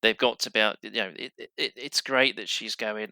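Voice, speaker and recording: A man hosts a casual podcast chat. His voice sits fairly low but sounds very bright and smooth. He speaks haltingly and restarts often, in a dry, close sound. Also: fairly even intonation, dry recording. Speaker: podcast host. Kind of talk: casual conversational interview.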